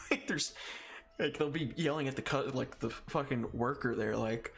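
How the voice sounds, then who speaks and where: A man's voice: mid-range voice, moderate pace, a bit bright. A man chatting casually on a gaming stream who often laughs through his own stories and swears freely.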